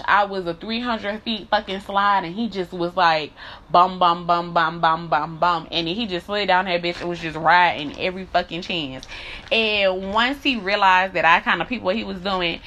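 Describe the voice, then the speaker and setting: Her mid-range voice is bright and forceful, and she talks at normal speed. In a candid, profane monologue she speaks bluntly, repeats herself, and escalates into heated rants.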